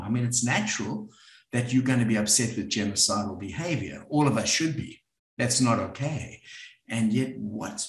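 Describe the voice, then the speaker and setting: An earnest man with a South African accent speaks to a live audience, pausing and restarting as he thinks his way through each point. His voice sits at an ordinary middle pitch. The room around him rings with a noticeable echo. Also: sing-song, fairly bright tone. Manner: earnest, with frequent restarts and pauses. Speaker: speaker at a community event. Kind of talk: reflective talk to a live audience.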